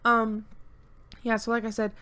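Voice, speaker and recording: A woman's voice: a little high, monotone, a little slow, pushed and bright, clear, resonant tone. A young woman co-hosting a game channel, talking through a casual voice-over into a desk mic at home. She rambles with lots of filler, brags playfully, and sounds a bit stuffy-nosed and short of breath. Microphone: desk microphone at home.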